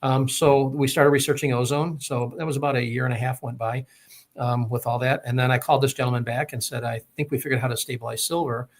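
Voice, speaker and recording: Man, fast-talking, rambling, casual storytelling, mid-pitched voice. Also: little pitch movement. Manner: rambling, many fillers and restarts. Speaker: guest telling his story.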